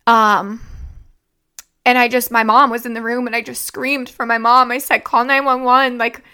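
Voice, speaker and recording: Bright-voiced young woman retelling a loss. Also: on the high side, level tone, clear, resonant tone. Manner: tearful, halting retelling of a family loss, many fillers. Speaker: podcast host. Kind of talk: emotional personal storytelling.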